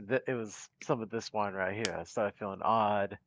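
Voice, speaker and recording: A man's voice: on the low side, fairly even intonation, moderate pace, a bit bright, a little hiss or hum. A man playing a tabletop game, laid-back and explaining his character's actions. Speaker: player. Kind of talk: casual tabletop play.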